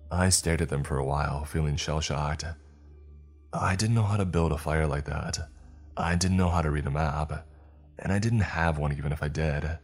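A man narrating a first-person horror story in a measured, scripted way. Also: rumbling low.

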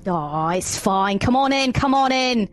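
A woman voicing a gruff, sniffing, axe-carrying man, with a put-on Cockney accent that slips toward Australian. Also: on the high side, animated, unhurried, faint music behind, voice pushed up. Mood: coaxing. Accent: put-on Cockney drifting to Australian. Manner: coaxing, casual slang.

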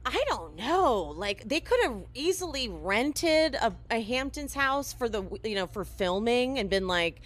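A woman's voice: fairly high pitch, big pitch swings, unhurried, few pauses. A woman casually recapping a reality show on a podcast, telling it as a story and acting out the quotes, with lots of "like". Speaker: podcast co-host.

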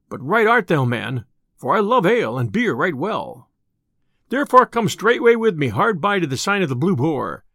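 A man's voice: a little high, creaky, a bit bright, no room sound, studio quality, heavily acted. A man voicing a bold, merry outlaw who teases and jokes in old-fashioned English. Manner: teasing, hearty. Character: merry jesting young male outlaw, bold and playful.

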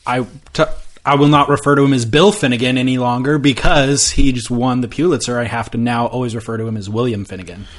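A man with a middle-pitched voice co-hosting a relaxed podcast chat. He is easygoing and readily agrees, chiming in with short replies. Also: quick pace. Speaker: podcast co-host. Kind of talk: casual chat.

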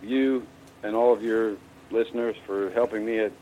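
A man calling in to a podcast, talking in a dry, deadpan, teasing way. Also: fairly low pitch, moderate pace, lo-fi sound, slight background noise. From West Virginia. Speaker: caller, small business owner. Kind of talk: call-in chat.

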